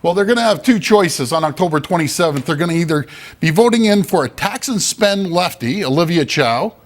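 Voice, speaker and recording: A man's voice: fairly high pitch, animated, brisk. A man co-hosting a political talk show, combative and sarcastic. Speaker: co-host.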